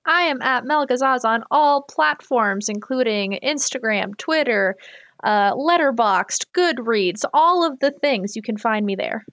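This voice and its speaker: A woman's voice: a little high, expressive, a little slow, fairly bright tone, no room sound. A woman guest on a podcast in casual chat, talking in an upbeat way.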